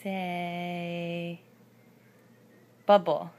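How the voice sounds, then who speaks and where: Slow, sing-song mother's baby talk. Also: lowish voice, completely flat delivery, a little mellow. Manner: coaxing, sing-song, often laughing.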